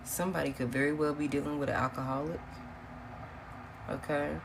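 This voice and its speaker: A woman's voice: low voice, fairly even intonation, a little fast, creaky. A woman runs a casual live tarot reading. She talks loosely and repeats herself, tossing in y'all and laughs. The stream audio is noisy. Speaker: tarot reader.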